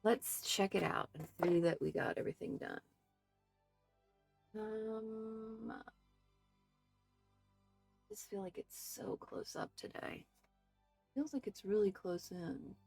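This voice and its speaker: A woman's voice: medium pitch, lively intonation, slow, creaky, long pauses, darkish tone, faint music behind. A woman chatting casually through an art journaling tutorial, thinking aloud, fussing over details and talking to her viewers. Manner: fussy, second-guessing. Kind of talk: casual crafting tutorial chat.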